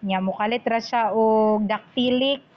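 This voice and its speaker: A woman's voice: a little high, moderate pace, lo-fi sound, slight background noise. A woman teacher giving an online lecture, explaining terms and switching between English and Cebuano.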